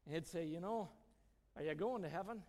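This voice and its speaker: A middle-aged man with a fairly high voice gives a homespun sermon, spinning personal stories and chuckling as he goes. His voice carries a long reverb, as if heard through a church hall. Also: fairly quick, a little mellow. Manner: folksy, storytelling, chuckles often. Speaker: church speaker.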